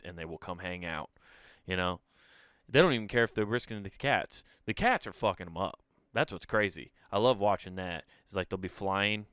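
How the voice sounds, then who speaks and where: A man rambles through a solo comedy podcast, cursing freely. His low voice is smooth and clear, recorded close and dry. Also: no room sound. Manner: rambling, profane, animated.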